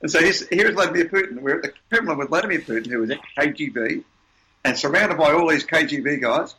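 A man's voice: a little high, lively intonation, fairly quick, bright, forceful tone, poor audio. An older man, a seminar presenter, talking as an interview guest and telling stories with emphatic, repeated points. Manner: emphatic, repeats words while building a point. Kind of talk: storytelling conversation.

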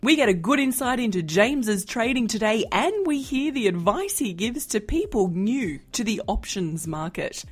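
A woman's voice: a little high, normal speed, few pauses, breathy edge, faint music behind. A woman hosting a finance podcast, delivering a polished scripted introduction and asking interview questions. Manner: polished, lively presenter delivery. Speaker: podcast host and financial journalist.

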